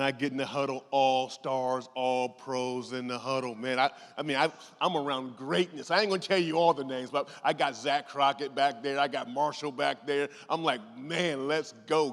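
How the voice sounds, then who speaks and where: A middle-aged man giving a motivational keynote, telling a story in an animated way and acting out voices as he goes. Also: medium pitch, vocal fry. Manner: animated, acts out voices, laughs often. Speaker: keynote speaker. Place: large conference hall. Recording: long hall reverb.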